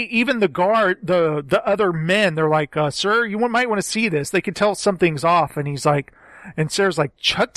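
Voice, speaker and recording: A man with a fairly high voice gushes in casual podcast chat. He talks with excitement and keeps acting out scenes. The sound is dry and close. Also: no echo. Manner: enthusiastic, gushing, quotes scenes in acted voices. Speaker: podcast co-host.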